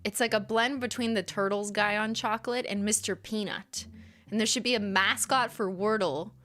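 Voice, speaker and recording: A woman's voice: mid-range voice, fairly even intonation, moderate pace, fairly bright tone. A woman streamer chatting casually and rambling while playing a game, laughing often.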